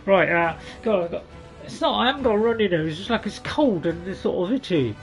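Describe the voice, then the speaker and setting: A man's voice: high voice, animated, fairly quick, soft background music, poor audio. A man giving casual gameplay commentary, rambling and correcting himself with chuckling asides. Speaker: gaming channel host.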